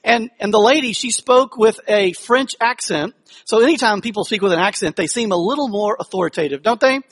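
A man's voice: high voice, a little fast, fairly bright tone, husky. A man preaching a sermon as pastor, talking conversationally and with humor, putting questions to the congregation. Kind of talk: sermon with personal storytelling.

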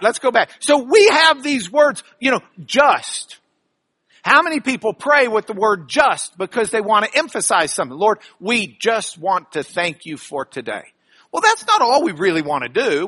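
A man lectures his class in a high, bright voice. He talks with emphatic energy and often restarts his phrases as he explains. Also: moderate pace, slightly rough. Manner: animated, emphatic, with frequent restarts. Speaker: Bible class teacher.

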